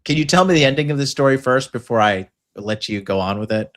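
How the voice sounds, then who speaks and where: A man's voice: mid-range voice, fast talker, crowd noise. A man hosting a podcast, talking in crude, blunt, rambling banter and provoking his co-host.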